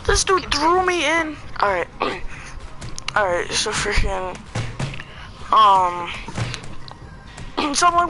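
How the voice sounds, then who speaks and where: A man vlogger telling a storytime story in a rambling, excitable way, using "freaking" a lot, with music playing behind him. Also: high-pitched, drawn-out words, long pauses, noisy background. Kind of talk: storytime vlog. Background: background music.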